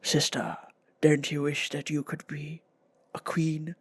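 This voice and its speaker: Woman putting on a creepy male genie, low hushed whisper, slow coaxing, sly tempter, deep and soft. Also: completely flat delivery, slightly rough, dry recording, heavily acted.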